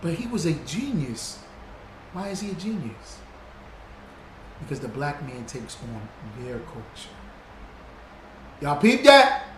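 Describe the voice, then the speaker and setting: Reading viewer comments on his livestream, this host greets people by name and teaches casually, repeating himself loosely to drive each point home. His medium-pitched voice is expressive and unhurried, with long pauses. There's a roomy echo plus faint background noise.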